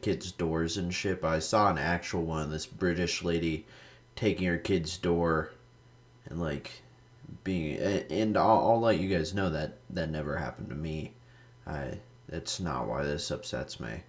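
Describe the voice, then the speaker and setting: A young man with a very low voice talks over his gameplay at a measured pace, sounding like a casual gaming host. He rambles loosely into stories, swears heavily, and packs his sentences with "like."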